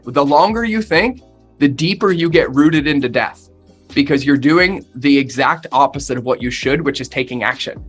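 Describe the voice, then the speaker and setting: A man's voice: a little high, moderate pace, a bit bright, faint music behind. A man talking as a podcast guest, with an emphatic, punchy way of speaking that repeats phrases for effect. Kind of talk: motivational interview talk.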